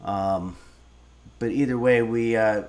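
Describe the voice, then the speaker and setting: A man in his fifties hosting a casual cooking livestream, reading viewer messages aloud and answering with deadpan, rambling stories. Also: lowish voice, slow pace. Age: 50s. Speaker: streaming cooking show host.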